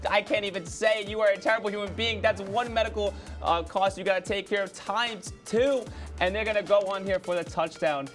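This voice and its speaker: A young man in his twenties calling sports highlights on a campus TV show, playful and energetic, throwing in jokes and sound effects. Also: moderate pace, faint music behind. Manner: energetic, jokey, mimics sounds.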